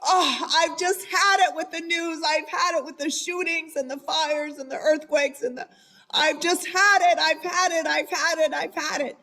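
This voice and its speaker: A woman's voice: high-pitched, steady tone, normal speed, pushed and bright, pitched above the performer's own voice. A woman acting out her exasperated husband, a grown man who keeps saying he has had enough. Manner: whiny, repeating himself.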